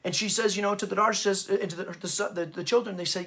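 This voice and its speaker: A man with a high-pitched, steady, creaky and slightly bright voice hosts an unscripted history talk. He's a parenting author, and he speaks with passion and agitation, halting often to stop and restart mid-sentence.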